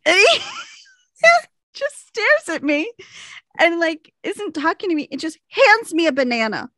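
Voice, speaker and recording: Midwestern woman, casual storyteller, high and expressive, acts out quotes. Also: slow pace, no room sound. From American Midwest. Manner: animated, laughing, acts out quotes.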